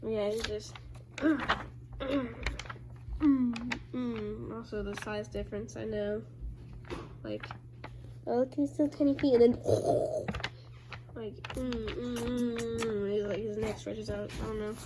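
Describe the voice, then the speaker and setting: A woman's voice: on the high side, level tone, slow, pauses often, background noise. A woman casually showing her own comic drawings, rambling with many fillers and unsure asides. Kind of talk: casual show-and-tell narration.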